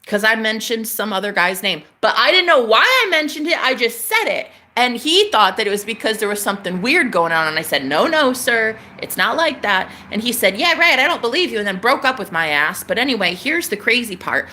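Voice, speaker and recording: Young woman streamer, bright sharp voice, rambling storyteller who swears and jumps from loud to hushed. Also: fairly high pitch, fairly quick, few pauses. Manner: animated, swearing, swings between loud outbursts and hushed murmurs. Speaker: livestream host.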